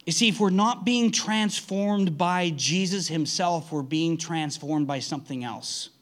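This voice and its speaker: A man's voice: a little high, measured pace. A man preaching a conversational sermon, earnest, often restarting his sentences. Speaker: pastor.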